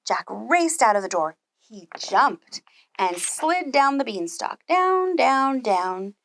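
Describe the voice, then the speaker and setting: Preschool teacher reading a storybook aloud, lively and animated, a bit high. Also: female voice, slow pace. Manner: animated, with gasps and asides to children. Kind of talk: children's storybook read-aloud.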